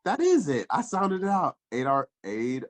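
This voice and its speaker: A man's voice: on the high side, huge pitch swings, measured pace. A man playing a word game over a video call, joking around and sounding out phrases. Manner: joking, playful. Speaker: game player. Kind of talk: casual game chat.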